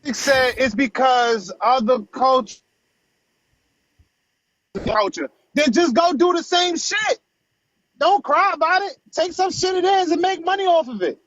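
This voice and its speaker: A man's voice: very high voice, unhurried, long pauses, a bit bright, no echo, highs cut off. A man joins a casual talk-show chat. He tosses in laid-back, profane remarks.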